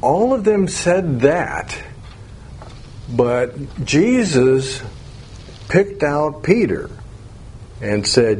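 Man, Bible class teacher, unhurried and conversational, faint room hiss. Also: on the high side, big pitch swings, a little mellow. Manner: conversational, asks the class questions, chuckles.

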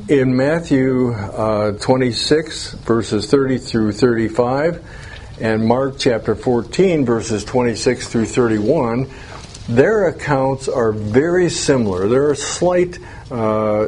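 A man's voice: medium pitch, a little mellow, a little hiss or hum. A man teaching an informal Bible class, conversational, putting questions to the group and chuckling now and then.

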